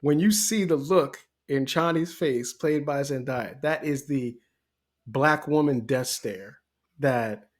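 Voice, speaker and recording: A man co-hosting a podcast, talking casually and getting animated and laughing as he recounts scenes. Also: mid-range voice, slow pace. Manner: animated, laughs often, gets excited. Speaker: podcast co-host.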